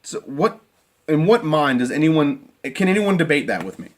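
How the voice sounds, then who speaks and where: A man's voice: on the high side, very animated, normal speed. A man reviewing a football game in an emotional, exasperated rant, often repeating himself. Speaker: sports fan commentator.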